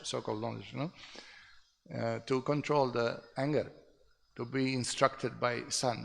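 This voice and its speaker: Gravelly guy teaching a scripture class, chatty, keeps saying "no?", long echo of a big hall. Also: medium pitch, a bit bright. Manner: conversational, tags remarks with "no?"; chuckles at his own stories. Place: temple hall.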